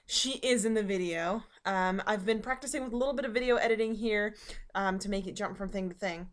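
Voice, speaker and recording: A woman's voice: medium pitch, a little fast. A young woman vlogging from her dining room at home, telling rambling stories full of ums and likes. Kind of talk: casual storytelling vlog.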